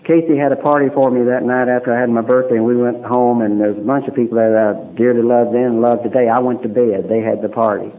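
A man's voice: medium pitch, little pitch movement, fast, hardly any pauses. A man giving a personal testimony at a recovery meeting, a folksy storyteller who acts out what people said. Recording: tinny lo-fi recording with faint hiss.

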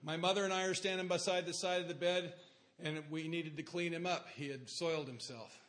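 A middle-aged man tells his life story to a recovery meeting, plain-spoken and using dry, dark humor and rhetorical questions aimed at the listeners. His pitch is fairly high, his intonation fairly even, and he talks fairly quickly.

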